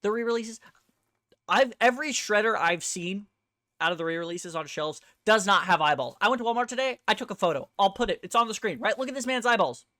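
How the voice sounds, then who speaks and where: A woman on her own vlog, ranting with blunt, profane heat. Her voice sits at a middling pitch for a woman, neither high nor low. The sound is dry and close, with no room echo at all. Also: lively intonation, brisk, fairly bright tone. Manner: emphatic, with rhetorical questions to the viewer. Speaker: host. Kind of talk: ranting toy-collector vlog.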